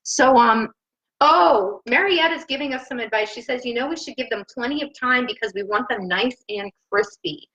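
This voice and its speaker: A woman's voice: on the high side, expressive, moderate pace, pushed and bright, highs cut off. A woman hosting a home cooking live stream from her kitchen, bubbly and gushing, laughing often as she chats to viewers. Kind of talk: casual live-stream chat. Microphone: laptop on the counter.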